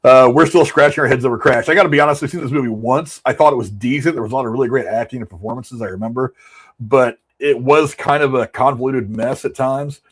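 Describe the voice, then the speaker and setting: Male host, 40s, husky, mid-pitched, rambling casual commentary. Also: quick pace. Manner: rambling, offhand, reads quotes aloud and reacts. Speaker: show host.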